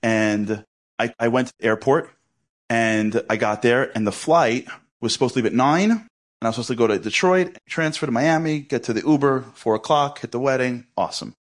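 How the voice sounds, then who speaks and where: A middle-aged man telling a story in a lively, conversational way with humorous asides. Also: mid-range voice, normal speed. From Brooklyn, New York. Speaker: inspirational speaker. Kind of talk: storytelling talk.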